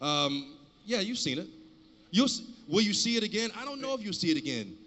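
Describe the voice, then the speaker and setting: A man's voice: sits high, very animated, a little fast, a crowd in the background. A man on a convention panel, talking in a good-humored way with hesitant restarts. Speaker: panelist actor. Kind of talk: casual panel banter. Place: convention hall stage. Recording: reverb from a large hall.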